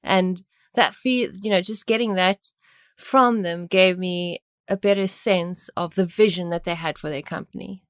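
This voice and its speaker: A woman's voice: lowish voice, fairly even intonation, unhurried, smooth, no room sound, clean studio sound. A woman co-hosting a design podcast, casually sharing how she works with clients. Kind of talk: casual chat.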